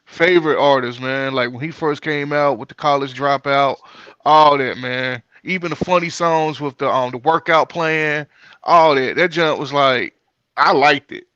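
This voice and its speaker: Bright higher-voiced guy on a podcast, eager, dry dull mic. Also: moderate pace, no echo. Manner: enthusiastic fan talk, fillers like um. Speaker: podcast co-host. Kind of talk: casual chat.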